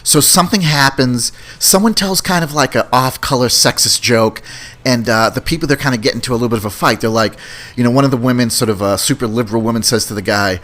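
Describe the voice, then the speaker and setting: A podcast host with a mid-range, fairly bright voice talks fast as he chats casually about movies. His review rambles, and he often repeats words.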